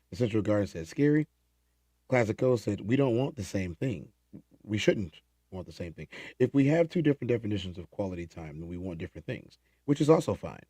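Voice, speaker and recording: A man hosting a late-night livestream, reading chat comments in casual talk, animated and prone to repeating himself and restarting phrases. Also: lowish voice, no room sound.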